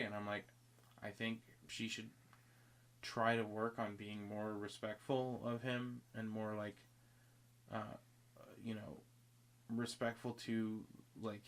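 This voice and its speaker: A man telling a long story in casual podcast chat, rambling and restarting, acting out both sides of the conversation. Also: lowish voice. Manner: rambling, self-interrupting, acts out both sides of dialogue.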